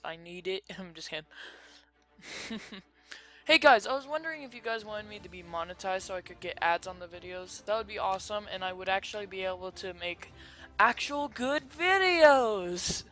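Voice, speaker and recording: A YouTuber giving chatty, rambling commentary over a pirate game, with sudden loud excited outbursts. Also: mid-range voice, normal speed, soft background music. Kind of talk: gameplay commentary.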